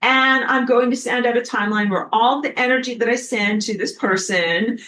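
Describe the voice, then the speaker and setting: A woman's voice: on the high side, normal speed, pushed and bright, slight background noise, pitched above the performer's own voice, low-quality recording. A woman voicing a hostile, scheming sun that taunts and mocks. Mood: gloating. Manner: taunting, mocking.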